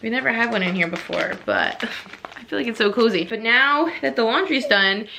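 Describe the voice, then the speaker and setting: A woman's voice: a little high, moderate pace, creaky, pushed and bright, a little hiss or hum, poor audio. A young woman vlogging at home in a casual, chatty way, often laughing and filling with "like". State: out of breath from working out. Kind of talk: casual chat to camera. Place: home living room.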